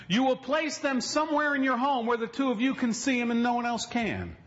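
A male pastor with a very high, lively voice delivers a folksy sermon. He slows right down to land his points. The recording sounds dull and lo-fi. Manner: folksy storytelling preacher, slows for emphasis.

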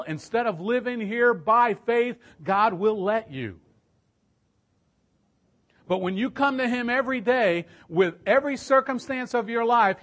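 A middle-aged man preaching a storytelling sermon, emphatic and swelling louder at key points. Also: high voice.

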